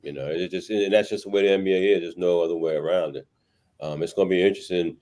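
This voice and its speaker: A man co-hosting a sports podcast, talking in a halting way with many restarts and fillers. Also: deep voice, fairly even intonation, mellow. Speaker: podcast co-host. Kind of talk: casual sports chat.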